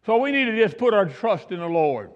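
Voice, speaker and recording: A male pastor with a notably high voice tells homespun stories from the pulpit, circling back and repeating his points. His voice echoes through a large hall with a long reverb. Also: sing-song, a little fast, muffled recording. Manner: homespun, repeats himself for emphasis. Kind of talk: folksy storytelling sermon.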